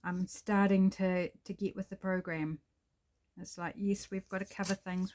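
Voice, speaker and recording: A woman's voice: medium pitch, steady tone, moderate pace, noisy background. A woman hosting a casual crafting tutorial at her table, thinking aloud and apologizing with self-deprecating chatter as she works. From New Zealand.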